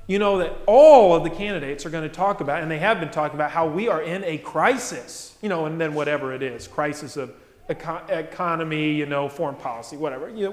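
High-voiced preacher in an echoing church. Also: male voice. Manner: animated, acts out the voices of people in the stories; asks the congregation many rhetorical questions. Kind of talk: sermon. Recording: echoey church hall.

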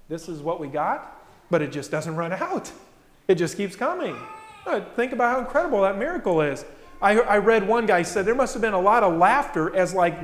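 A man preaching a lively sermon to a congregation, full of rhetorical questions and acting out the voices of people in the stories. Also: sits high. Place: church. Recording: echoey church hall.

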